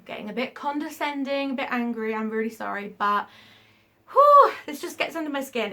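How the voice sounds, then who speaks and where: A woman's voice: high voice, sharp tone. A woman vlogging to camera with a frank, emphatic, ranting delivery, swearing when she gets heated. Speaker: YouTuber. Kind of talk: casual vlog rant.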